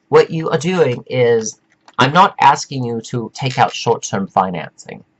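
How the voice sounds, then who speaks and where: A self-help speaker with a medium-pitched voice, recorded in lo-fi sound, gives a meandering, preachy spiritual pep talk. He stretches out words for emphasis.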